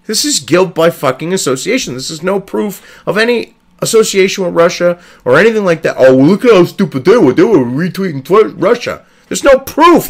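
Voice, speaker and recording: A man's voice: high-pitched, fairly bright tone. Profane, sarcastic ranting man. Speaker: political commentary host. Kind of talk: ranting commentary reading an article aloud.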